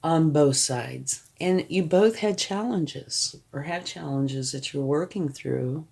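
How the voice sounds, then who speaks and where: Slow, gravelly-voiced tarot reader. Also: mid-range voice, darkish tone. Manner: reassuring, often checking in with "okay?"; thinks aloud while turning cards. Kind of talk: tarot card reading addressed to the viewer.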